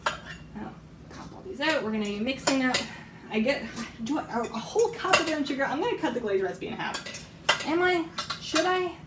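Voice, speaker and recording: A woman with a hoarse, fading voice chats casually and rambles while she bakes on a live stream, often laughing. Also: on the high side, noisy background. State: hoarse, losing her voice. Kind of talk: casual chat while cooking. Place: home kitchen. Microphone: iPad microphone. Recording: roomy lo-fi tablet audio from a distance.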